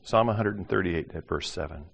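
Older male pastor, sermon delivery, animated with hushed drops, low-pitched voice, reverberant sanctuary sound. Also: moderate pace, vocal fry, slightly rough. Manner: animated, acts out voices, swings from loud to hushed. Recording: long hall reverb.

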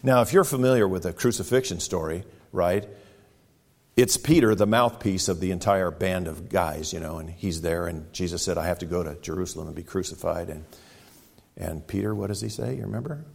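A man preaching a sermon, retelling a story dramatically, with sudden loud exclamations and quiet, hushed stretches. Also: sits low, a little fast, vocal fry. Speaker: pastor.

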